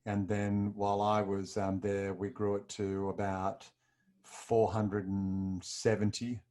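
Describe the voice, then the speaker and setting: A middle-aged man with a lowish voice tells a long personal story in a casual interview. He is from Australia, and his telling is hesitant and full of ums, with deep feeling running through it. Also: little pitch movement, slow pace, warm tone. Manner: emotional, hesitant with many ums. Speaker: interview guest.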